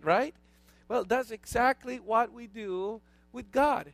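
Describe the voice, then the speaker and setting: High-voiced, animated male pastor preaching. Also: takes it slowly, vocal fry, no room sound. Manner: lively, animated storytelling with congregation call-outs. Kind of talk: sermon.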